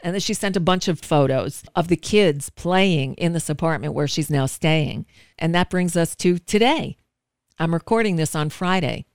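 A woman's voice: deep voice, normal speed, smooth, dry recording, clean studio sound. A woman radio show host earnestly recounting a personal story in an emotional telling.

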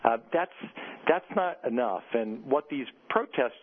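A man talks over a thin, phone-like line, his pitch sitting in the middle. He answers as a congressman, earnest and halting, often restarting his sentences. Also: lively intonation. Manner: hesitant, many restarts, earnest. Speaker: congressman guest. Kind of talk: radio interview answers.

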